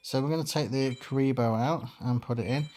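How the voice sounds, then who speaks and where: A gaming channel host runs a let's play, his mid-range voice brisk and a little mellow. He rambles through his moves in a chatty way, dropping plenty of fillers.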